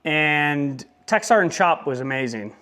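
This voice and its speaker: A man's voice: on the high side, expressive, measured pace, bright, forceful tone. A young man talking casually in a motorcycle vlog, rambling with joking asides. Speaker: motovlogger.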